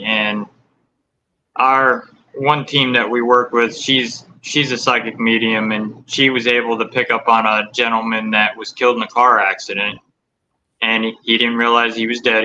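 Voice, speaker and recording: A man's voice: on the low side, pushed and bright, slight background noise. A man hosting a podcast, talking plainly and agreeably about his investigation work, on dull lo-fi audio. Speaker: podcast host. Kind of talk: casual interview chat.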